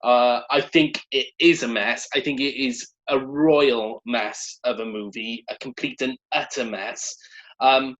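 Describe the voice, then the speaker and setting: A man's voice: mid-range voice, steady tone, measured pace, a bit bright. A man co-hosting a film review show, giving blunt, emphatic opinions in casual conversation. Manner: blunt, emphatic, laughs between remarks.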